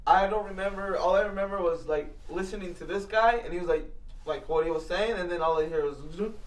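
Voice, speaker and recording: A man excitedly retelling his side of a story in casual chat, full of slang and swearing. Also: high-pitched, quick pace, poor audio.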